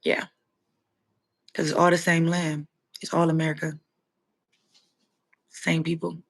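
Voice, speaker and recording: A woman's voice: low voice, flat delivery, a little slow. A woman hosting a livestream, talking casually and bluntly as she answers her viewers' comments. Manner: blunt, opinionated, talks straight to chat. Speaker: livestream host.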